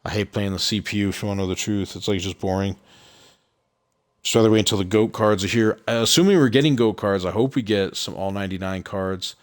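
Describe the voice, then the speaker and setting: A man with a deep, low voice talks through his game on a live stream. He rambles along in a relaxed way, filling gaps with ums and uhs. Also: quick pace. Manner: relaxed, rambling, with many fillers. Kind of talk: casual gameplay commentary.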